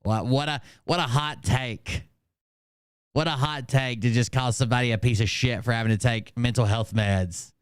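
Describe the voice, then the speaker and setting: A man talking through clips on a live stream, sarcastic and rambling, with frequent uh and um. His voice is smooth and resonant, recorded close and dry with no room sound. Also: medium pitch, steady tone, normal speed, dry recording. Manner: reads quotes aloud, sarcastic asides, frequent fillers. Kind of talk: casual commentary.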